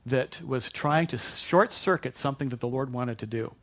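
A man's voice: mid-range voice, moderate pace, fairly bright tone. Male pastor, sermon, chatty, joking, restarts words. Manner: conversational and joking, with frequent restarts.

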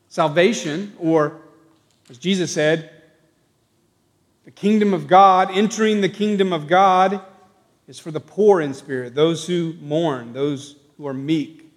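A fairly high-voiced male pastor preaching in a church, his words ringing with long reverb off the walls. He swings between hushed, thoughtful passages and raised, emphatic proclamations. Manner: builds from quiet reflection to raised emphatic declarations. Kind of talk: sermon. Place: church sanctuary.

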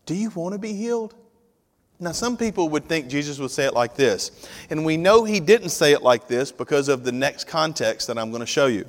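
A man's voice: fairly high pitch, animated, fairly quick. Guy preaching, casual and jokey w the congregation, long echo like a big church hall. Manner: conversational, joking with congregation. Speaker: pastor. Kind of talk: sermon.

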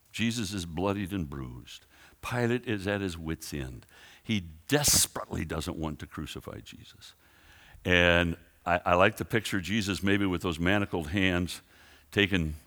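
A man preaching a sermon in a lively, conversational way, often restarting and adding asides. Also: low-pitched.

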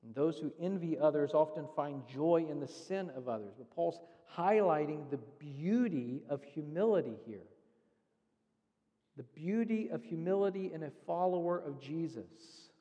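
A male pastor preaching with a slightly raised pitch and an earnest teaching manner. He walks through scripture step by step. His voice rings with the long reverb of a church sanctuary. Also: lively intonation, moderate pace, dark tone, lo-fi sound. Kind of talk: sermon.

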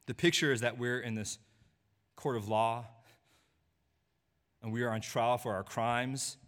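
A male preacher delivering a sermon at a mid-range pitch. He sinks to a hushed, low murmur for solemn points. He climbs higher and louder, almost pleading, when he speaks the words of a guilty sinner. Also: steady tone, measured pace. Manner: swings from hushed low delivery to raised, pleading voice in quoted lines.

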